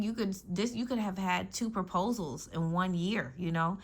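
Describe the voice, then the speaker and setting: A woman with a husky, fairly low voice reads tarot at a moderate pace with hardly any pauses. Blunt and slangy, she swears freely and keeps asking her listeners "you know what I'm saying."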